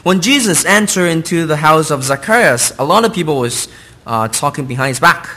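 A man's voice: a little high, expressive, brisk, pushed and bright. A man interpreting a sermon into English line by line, earnest, with hesitant fillers and non-native grammar.

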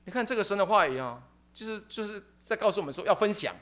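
A male preacher delivers a sermon in quick, short bursts. His voice is a little high and very fast, animated and emphatic, and he often repeats words as he presses his points. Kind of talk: sermon with live interpretation.

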